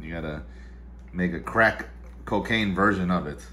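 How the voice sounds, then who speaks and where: Low bright-voiced man rambling casually. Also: moderate pace, slight background noise. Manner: rambling, profane, mutters to himself. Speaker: vlog host. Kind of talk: casual chat while making coffee. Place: home kitchen-dining room.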